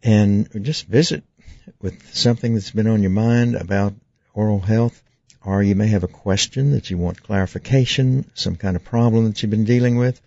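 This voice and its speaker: Gravelly low-voiced dentist hosting radio. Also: male voice, steady tone, moderate pace, darkish tone, dry recording. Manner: earnest, explanatory, with frequent fillers and restarts. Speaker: radio talk show host, dentist. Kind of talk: call-in radio talk. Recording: dry, muffled radio studio sound.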